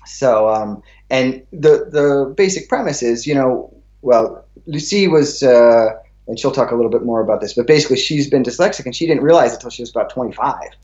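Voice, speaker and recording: A man from America, a pediatrician, speaking as a guest over a video call in a relaxed, hesitant way. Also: mid-range voice, brisk. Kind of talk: casual interview on a video call. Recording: echoey, dull video-call audio.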